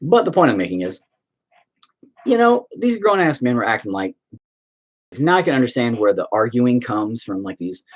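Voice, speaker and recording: Husky, animated man ranting. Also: medium pitch, moderate pace, pauses often. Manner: profane, sarcastic, rambling with many fillers. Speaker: online show host. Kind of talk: casual storytelling rant.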